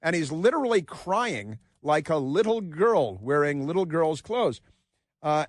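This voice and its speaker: Sarcastic, rather high-voiced radio host. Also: male voice, animated, a little slow, no room sound, studio quality. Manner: sarcastic, mocking, rambling with frequent fillers. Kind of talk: casual talk radio commentary.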